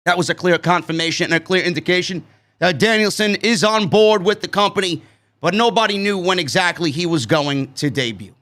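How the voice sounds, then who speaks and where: A man from New York hosting a live-stream wrestling review, excitable and profane, tacking "man" onto his sentences. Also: high-pitched, fairly quick. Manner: excitable, swears freely, keeps saying "man".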